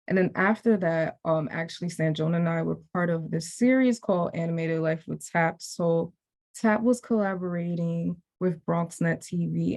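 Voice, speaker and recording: A woman's voice: on the low side, gravelly, darkish tone. A young woman, a program graduate, talking casually on a video call and rambling with many fillers and restarts.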